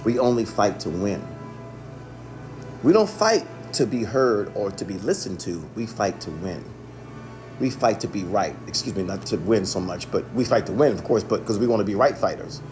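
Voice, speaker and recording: A man's voice: on the low side, expressive, normal speed, over music. A man, a chef, telling the story of a phone call in an earnest monologue, often repeating himself for emphasis. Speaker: chef and restaurant owner.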